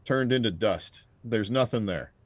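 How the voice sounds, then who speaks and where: A man's voice: fairly low pitch, a little slow. A man in his fifties co-hosting a casual political podcast chat, blunt and wry with a joking edge. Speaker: podcast co-host.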